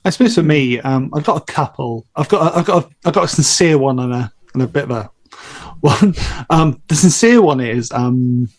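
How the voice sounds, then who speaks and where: A man's voice: mid-range voice, lively intonation, normal speed, darkish tone. A man who voices a lead role, chatting casually on a podcast in a rambling, candid way, swearing now and then. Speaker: voice actor in the audio drama.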